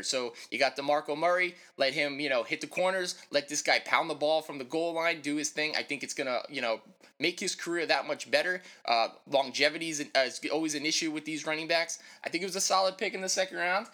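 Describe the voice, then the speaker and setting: A man with a slightly high, bright and forceful voice talks football picks in quick casual chat. His takes come out brisk, opinionated and full of jokes. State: winded. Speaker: podcast co-host.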